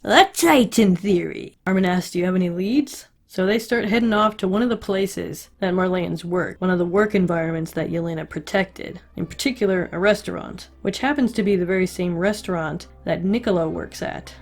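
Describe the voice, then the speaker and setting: A woman's voice: on the low side, a little fast, few pauses. A woman recapping an anime episode in casual narration, chatty and sarcastic, leaning on lots of "like" fillers.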